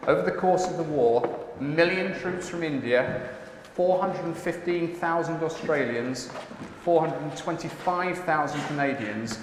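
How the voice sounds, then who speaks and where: An English man narrating a community stage musical in a measured storytelling way. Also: fairly high pitch. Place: large echoey hall stage. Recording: echoey hall from far off, noisy.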